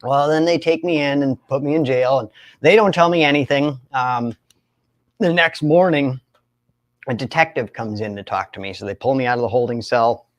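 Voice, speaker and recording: A young man in recovery, telling his own story in an animated way, often laughing and acting out other voices. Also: medium pitch, moderate pace. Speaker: recovery speaker. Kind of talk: storytelling talk.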